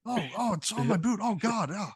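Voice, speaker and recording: Panicked guard, high and shrill, put on by a man, flustered, dry close sound. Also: expressive, moderate pace, husky, dry recording, heavily acted. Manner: shrieking, flustered. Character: panicking male guard with burning boot.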